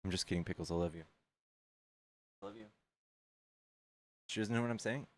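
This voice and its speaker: Blunt, low-voiced streamer guy. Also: a little fast. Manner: blunt, mocking, trash-talking; doting, silly baby talk to his dog. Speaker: streamer debating callers. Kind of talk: casual livestream chat.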